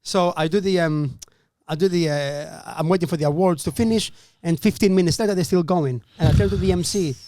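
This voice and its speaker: A man telling a comedy gig story on a podcast, animated and swearing as he acts out the people in it. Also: high-pitched, fairly quick, hardly any pauses. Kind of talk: casual podcast anecdote.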